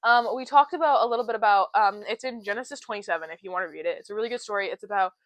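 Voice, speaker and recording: A young woman co-hosting a casual faith podcast, chatty and earnest, retelling Bible stories with lively quoted voices. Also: medium pitch, very fast, dry recording, poor audio. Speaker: podcast co-host.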